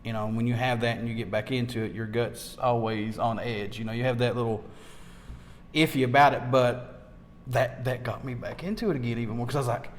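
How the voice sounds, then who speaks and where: A man tells his ghost-hunting stories with mounting excitement, tripping over repeated words. He is the interviewer in a casual chat. A long reverb trails behind his voice in the room. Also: mid-range voice, a little fast, slight background noise.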